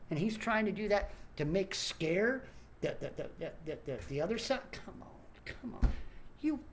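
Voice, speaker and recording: A man's voice: high-pitched, expressive, moderate pace, slight background noise. A man in an angry, swearing political rant who keeps stumbling over and repeating words. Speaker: online commentator.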